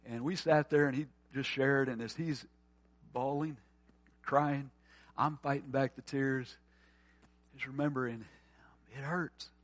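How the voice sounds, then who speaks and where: A man preaching a sermon, earnest and often quiet and tender, then rising to forceful emphasis. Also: mid-range voice, no room sound. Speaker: pastor.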